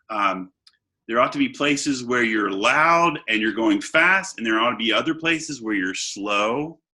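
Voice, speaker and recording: A pastor gives an online seminar lecture over a video call, speaking conversationally with fillers, pauses, and restarts while stressing his points. His voice is mid-range, bright, and forceful.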